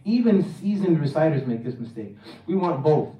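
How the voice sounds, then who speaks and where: A man's voice: on the high side, big pitch swings, normal speed, highs cut off. A man teaching a Quran recitation workshop, drilling pronunciation and repeating words for the class to echo. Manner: chants the verse in a melodic recitation. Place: mosque hall. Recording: roomy echo, mic at a distance.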